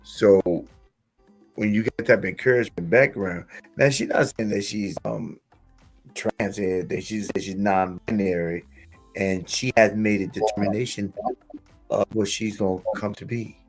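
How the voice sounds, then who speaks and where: A man hosting a casual talk, telling stories with lively acted-out quotes and laughing at his own jokes. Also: lowish voice, moderate pace, faint music behind. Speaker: podcast host. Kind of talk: casual conversational commentary.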